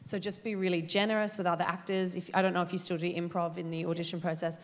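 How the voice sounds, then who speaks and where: A young woman on a panel, chatting and telling animated stories in a large auditorium. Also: lowish voice, quick pace. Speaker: graduate on a panel. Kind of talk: panel discussion. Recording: long hall reverb.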